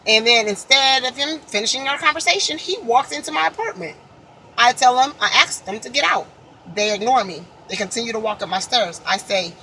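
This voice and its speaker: A woman from Illinois tells a personal story in an earnest, casual way, her pitch climbing as she acts out what was said. Her tone is bright and forward. A faint hum of traffic sits under the recording. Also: fairly quick, rough recording. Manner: earnest, upset, reenacts dialogue with rising pitch. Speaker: vlogger telling a personal story.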